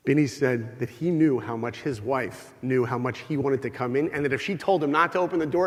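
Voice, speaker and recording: Male motivational speaker, lively storyteller, slightly high voice, big echoing hall. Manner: storytelling, acts out quoted voices. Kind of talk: motivational talk to a live audience. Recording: long hall reverb.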